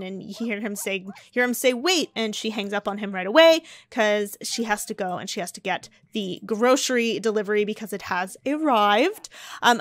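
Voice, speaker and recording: A woman's voice: medium pitch, dry recording, clean studio sound. A young woman casually narrating a life-sim game story, chatty and rambling with lots of fillers. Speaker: let's play narrator.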